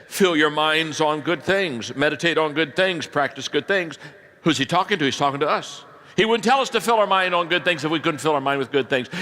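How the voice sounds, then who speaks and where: A man who is a pastor, preaching a sermon and telling stories, swinging from hushed to loud. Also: a little high.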